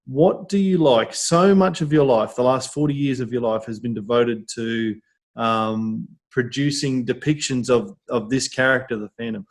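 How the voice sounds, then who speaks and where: A man hosting a podcast in casual chat, lively and teasing, laughing easily. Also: mid-range voice, moderate pace. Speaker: podcast host.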